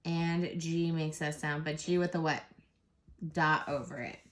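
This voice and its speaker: A woman teaching a first grade phonics lesson, sounding out letters slowly and patiently and praising the class. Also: low voice, steady tone.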